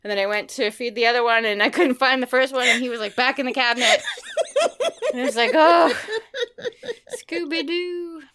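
A woman's voice: on the high side, fast, slight background noise. A woman in her forties co-hosting a podcast, chatting casually and playfully, often putting on silly voices when she tells a story. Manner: animated, playful, slips into silly voices for stories. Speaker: podcast co-host. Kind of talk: casual chat about books and daily life.

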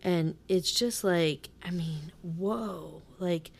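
A woman's voice: lowish voice, extremely slow, vocal fry, a little mellow, slightly rough. A woman co-hosting a podcast, talking animatedly about a book with lots of fillers and some swearing. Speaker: podcast co-host. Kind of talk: casual book chat.

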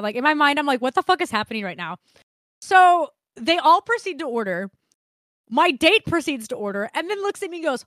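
High, bright young woman telling a story. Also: moderate pace, dry recording, studio quality. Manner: animated, swears freely, laughs often. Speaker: podcast co-host. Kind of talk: casual storytelling chat.

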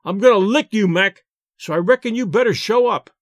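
A man's voice: high-pitched, very animated, moderate pace, fairly bright tone, no room sound, clean studio sound, exaggerated voice. A man voicing a hot-tempered, big young ballplayer with a blustering country drawl. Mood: angry.

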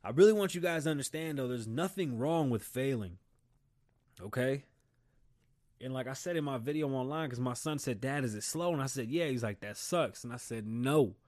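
A man's voice: medium pitch, a little fast, a little mellow. Blunt swearing man giving a pep talk. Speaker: show host. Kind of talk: casual motivational talk.

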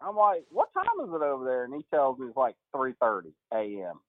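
Man, podcast guest, animated storyteller, mid pitch, dull dry recording. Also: a little fast, no room sound. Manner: animated storyteller, acts out quotes, laughs often. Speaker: golf coach, guest.

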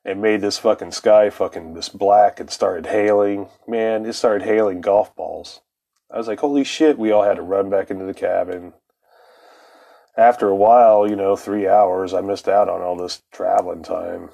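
A man's voice: low-pitched, steady tone, normal speed, vocal fry, warm tone. A man telling a rambling, profane personal story in a casual way, often laughing between lines.

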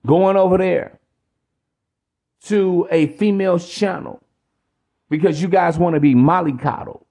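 A man's voice: fairly high pitch, lively intonation, normal speed, a little mellow. A man hosting a podcast, ranting in a preachy, profane monologue full of repetition. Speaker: podcast host.

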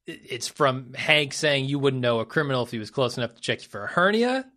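A man co-hosting a casual podcast, calmly recapping scenes step by step and offering his own take. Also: mid-range voice, fairly quick. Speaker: podcast co-host. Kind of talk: casual show discussion.

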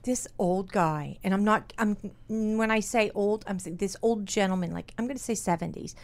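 A middle-aged woman hosting a podcast, telling a story animatedly with quick restarts. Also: mid-range voice. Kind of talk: casual chat storytelling.

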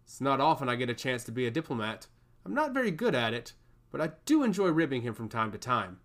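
A man's voice: medium pitch, very animated, quick pace, a bit bright. A man voicing a smug, scheming male servant of a god who taunts and giggles, in a storybook reading. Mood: taunting.

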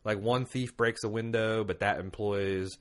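A man's voice: on the low side, fairly even intonation, measured pace. A man hosting a casual podcast, rambling and joking about himself with lots of fillers. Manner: rambling, self-mocking, many fillers. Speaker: podcast host.

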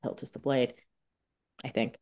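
A woman's voice: moderate pace, a little mellow. A woman co-hosting a podcast, joking and blunt in casual banter. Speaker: podcast co-host.

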